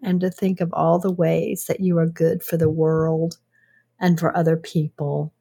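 An older woman co-hosting a casual radio talk show, speaking in a calm, encouraging way. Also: low-pitched, measured pace, vocal fry, husky. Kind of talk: casual on-air chat.

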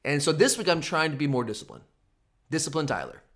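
Exasperated man with a lively voice. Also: fairly high pitch, fast talker. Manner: self-deprecating, exasperated, rambling. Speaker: podcast co-host. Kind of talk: casual sports betting chat.

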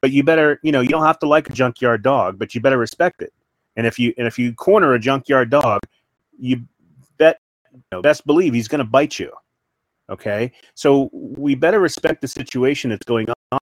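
Halting, emphatic man in dry sound. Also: medium pitch, no echo, rough recording. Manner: halting, many restarts and fillers; emphatic, repeats points. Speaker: interview guest. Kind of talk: casual political talk.

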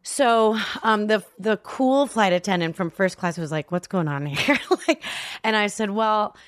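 A woman's voice: mid-range voice, measured pace, dry recording, studio quality. A woman guest telling a story in a casual interview, acting out voices and swearing freely. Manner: animated, acts out quoted voices, swears freely.

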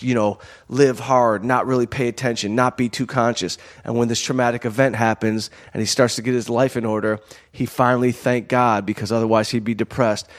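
A man from Michigan telling a long story in a casual, rambling way, full of "you know" and "like.". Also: mid-range voice. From Southfield, Michigan, USA.

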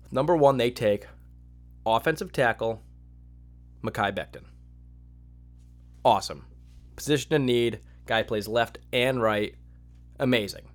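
A man hosting a solo sports podcast, giving opinionated, excitable commentary and acting out his own reactions. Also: medium pitch. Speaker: podcast host.

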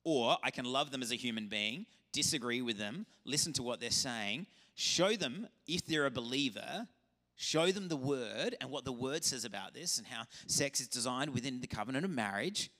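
A man, a pastor, preaching a lively, conversational sermon. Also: medium pitch, moderate pace. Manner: animated, conversational preaching with acted-out dialogue. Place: church auditorium.

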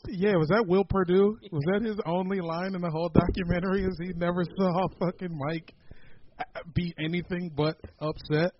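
A man's voice: high voice, normal speed. A man hosting a podcast in casual chat, joking and swearing a lot. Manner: joking, profane, excitable. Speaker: podcast host. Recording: dull lo-fi sound with faint noise.

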